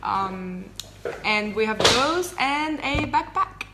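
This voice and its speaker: A woman's voice: on the high side, very animated, slow. A woman co-hosting a casual travel Q&A, chatty and giggly, with lots of fillers and restarts. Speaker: travel vlogger co-host. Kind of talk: casual live Q&A chat. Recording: faint background noise.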